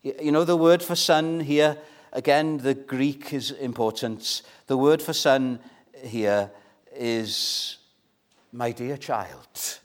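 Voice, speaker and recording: A man preaching a sermon in a church at an unhurried, deliberate pace. His delivery is earnest and measured, and he presses his points with questions to the congregation. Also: medium pitch.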